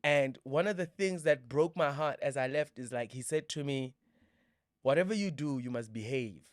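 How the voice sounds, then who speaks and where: South African man, thirties, mid-pitched voice, joking slangy host, dry close sound. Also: normal speed, no echo. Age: 30s. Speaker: podcast host. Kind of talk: casual podcast chat.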